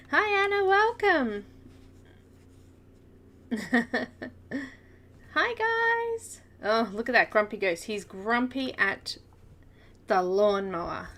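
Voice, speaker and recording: A woman hosts a live coloring stream in a relaxed, giggly way and greets viewers by name. Her voice sits high and swoops all over the place. She talks slowly and takes her time. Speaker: coloring livestream host. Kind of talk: casual live-stream chat.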